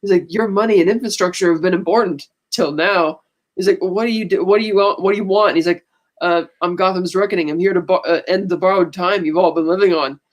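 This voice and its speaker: A woman's voice: fairly low pitch, quick pace. Woman co-host, casual recap voice, loose character quotes. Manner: retells a film plot, breezily quoting characters. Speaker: podcast co-host. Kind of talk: casual chat.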